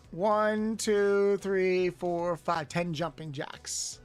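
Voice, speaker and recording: A woman's voice: on the low side, extremely slow, few pauses, a little mellow, smooth, soft background music. A woman streamer chatting casually with her viewers, counting exercise reps aloud and grumbling and joking between sets. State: doing exercises between lines. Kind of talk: casual live-stream chat.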